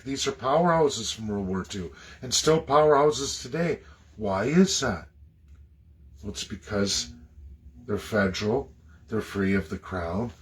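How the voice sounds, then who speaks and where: Ranting passionately about politics, a Canadian commentator fires off one rhetorical question after another and slides into high-pitched mockery.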